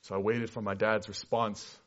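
A man who works as a missionary, telling his story in a sermon with earnest storytelling that moves between animated and hushed passages. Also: lowish voice, normal speed. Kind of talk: sermon testimony. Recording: dull lo-fi recording.

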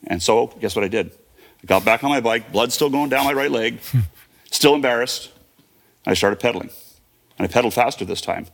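A man's voice: mid-range voice, brisk, creaky, pauses often, fairly bright tone. A man in his fifties telling a personal story in a vivid present-tense retelling, with fillers and restarts. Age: 50s. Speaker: guest.

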